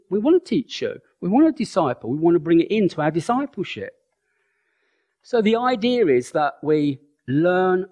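A man delivers a conversational sermon with a lively, animated voice that swings widely in pitch. He sits a little higher than most men and keeps checking in with his listeners. He acts out the voices in his stories. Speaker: preacher.

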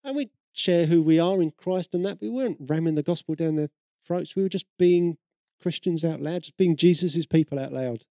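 A man's voice: on the high side, normal speed, dark tone, no room sound. A man with a British accent giving a sermon, telling everyday stories in a conversational way and acting out the people he quotes. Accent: British English. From Britain. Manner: conversational storytelling, acts out quoted voices. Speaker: preacher.

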